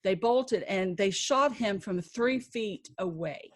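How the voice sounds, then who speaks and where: Woman guest telling a painful personal story: slow, halting, emotional, faith-filled. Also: medium pitch. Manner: emotional, halting, with frequent restarts. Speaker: podcast guest.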